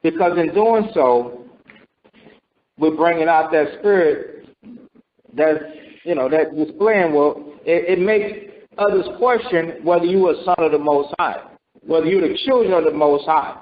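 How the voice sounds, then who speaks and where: Brief: male preacher, high register, teaching scripture conversationally with rhetorical questions, muffled recording. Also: a little slow. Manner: rhetorical questions, acts out voices. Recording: dull lo-fi recording.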